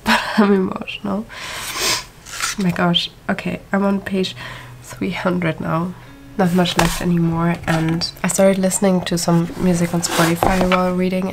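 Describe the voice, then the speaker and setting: A woman's voice: lowish voice, background noise. Tired, chatty young woman vlogger. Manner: chatty, gushing, sleepy. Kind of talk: casual reading vlog.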